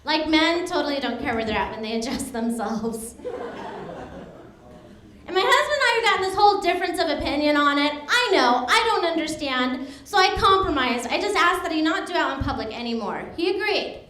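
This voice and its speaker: A woman in her thirties performs stand-up on a club stage, her voice high and bubbly with big swings up and down. She laughs at her own punchlines and slips into little voices for the people in her stories. The room rings with echo around her mic. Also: sing-song, brisk, bright, forceful tone. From United States. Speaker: stand-up comedian. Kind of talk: stand-up comedy set.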